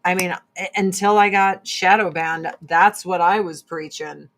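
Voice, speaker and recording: A woman's voice: lowish voice, steady tone, unhurried, fairly bright tone. A woman chatting casually and bluntly while doing her makeup, swearing freely as she gives her opinions. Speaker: streamer.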